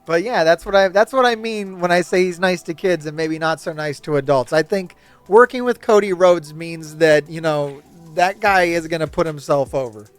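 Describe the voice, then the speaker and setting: A man's voice: on the high side, moderate pace, clean tone, soft background music. A man hosting his channel, ranting casually and animatedly, laughing often and slipping into mocking impressions. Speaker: host. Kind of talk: casual opinionated rant.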